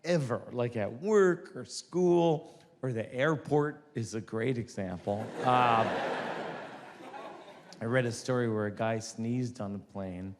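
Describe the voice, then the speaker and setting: A man's voice: medium pitch, slow pace, slight background noise. Male stand-up comic, 40s, wry conversational delivery, long hall reverb, audience audible. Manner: wry, conversational, builds to loud punchlines. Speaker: stand-up comedian. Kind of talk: stand-up storytelling. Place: theater stage before an audience.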